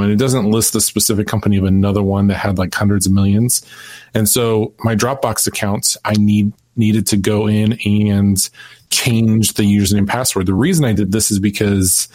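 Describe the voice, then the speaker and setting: A man co-hosting a podcast, explaining things in a steady, casual way with many fillers. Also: on the low side, no echo. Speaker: podcast co-host.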